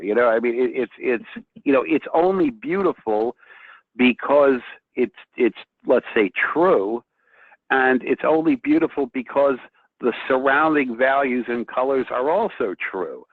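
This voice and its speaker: A man speaking as a guest painter in a casual chat, excitable and often restarting his sentences. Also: medium pitch, unhurried, dry recording. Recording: tinny phone-like line, dry.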